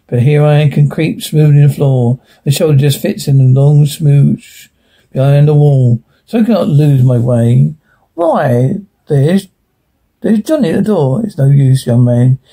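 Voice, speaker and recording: Male horror narrator; dark, husky timbre, halting dramatic read with slips. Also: a little high. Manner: halting, stumbles and restarts words. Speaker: horror story reader. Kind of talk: dramatic first-person horror reading.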